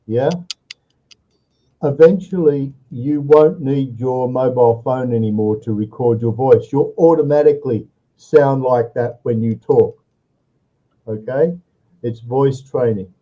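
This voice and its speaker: A man's voice: mid-range voice, unhurried, phone-quality sound. A man tutoring a student over a video call, giving step-by-step advice and checking in with "all right" often. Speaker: online English tutor.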